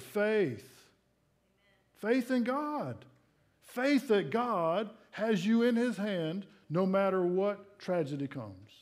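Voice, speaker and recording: Middle-aged male pastor, sermon in church, earnest personal storytelling, fairly high voice. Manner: earnest, personal storytelling with soft hushed asides. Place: church sanctuary.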